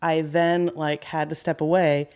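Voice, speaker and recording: Candid woman in her thirties, podcast guest, animated work stories. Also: low-pitched, measured pace, clean tone. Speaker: guest, carpentry business owner. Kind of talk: casual podcast storytelling.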